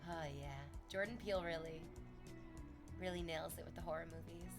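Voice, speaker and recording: A woman's voice: fairly quick, creaky, over music. A Canadian woman streaming, chatting animatedly with her viewers and laughing often. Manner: animated, laughing, shifts into high excited shrieks for quoted bits. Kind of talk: casual chat with viewers.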